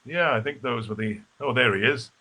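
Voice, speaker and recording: Chatty man with a bright voice. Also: mid-range voice, fairly quick. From Wales. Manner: chatty and rambling, many fillers and restarts. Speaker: interview guest, stage actor. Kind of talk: casual live video interview.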